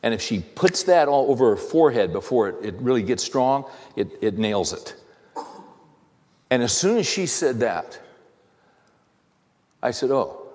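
A man hosting a talk, telling a personal story in a halting, restarting way that turns heated. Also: mid-range voice, sing-song, darkish tone. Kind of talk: anecdotal monologue. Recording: long hall reverb.

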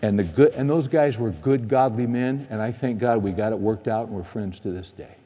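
A middle-aged man preaching a storytelling sermon, swinging from excited to hushed. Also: fairly low pitch, moderate pace, breathy edge. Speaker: preacher and men's conference speaker. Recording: echoey hall reverb.

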